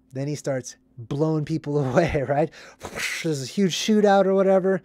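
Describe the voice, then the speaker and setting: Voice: medium pitch, moderate pace, mellow. A host who breaks down a film in a casual, rambling way, acting out scenes with put-on voices and ending many sentences with a questioning "right?". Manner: conspiratorial, keeps asking "right?". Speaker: movie commentary host. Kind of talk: casual movie breakdown commentary.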